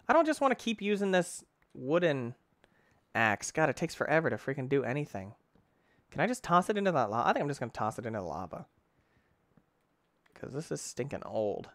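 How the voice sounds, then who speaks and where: A young man giving excitable let's play commentary, talking to himself, exclaiming and using mild cursing substitutes. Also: fairly high pitch, dry recording. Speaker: gaming YouTuber.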